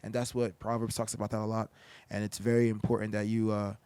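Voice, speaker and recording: A man's voice: lowish voice, level tone, fast, a little mellow, clean tone, no echo. A man co-hosting a podcast in casual chat, earnest and preachy in places. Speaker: podcast co-host.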